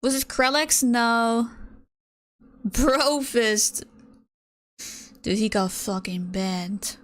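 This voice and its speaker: A young woman streamer talks to her chat while she paints. Her voice sits a little high and she speaks slowly, drifting from easy chatter into exasperated rants. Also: fairly even intonation. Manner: chatty, exasperated ranting, reads chat aloud.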